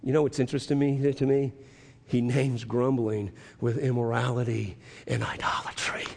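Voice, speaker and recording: A man preaching a sermon, moving from hushed asides to loud, emphatic declarations with drawn-out stressed phrases. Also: medium pitch, level tone. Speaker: pastor. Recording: long hall reverb.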